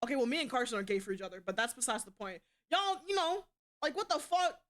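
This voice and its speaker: A young woman streaming live, chatting casually and bluntly, swearing a lot and swinging between loud outbursts and quieter asides. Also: fairly high pitch, expressive, quick pace. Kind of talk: casual livestream chat.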